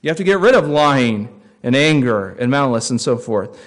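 A pastor delivering a sermon in a mid-pitched voice. He tells stories quietly, almost hushed at times, then rises with emphatic stress on key points. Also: animated, normal speed. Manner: storytelling, dropping to a hush for tense moments and rising for emphasis.

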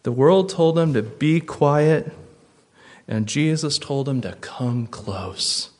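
A pastor preaching a sermon in an emphatic way, repeating key phrases and moving between hushed and loud. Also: male voice, fairly high pitch, lively intonation, slow.

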